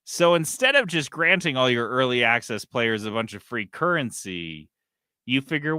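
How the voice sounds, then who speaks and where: A man co-hosting a gaming podcast, reading news and ranting in a casual, animated way with frequent swearing. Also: mid-range voice, normal speed, clean tone, dry recording, studio quality. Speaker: podcast co-host.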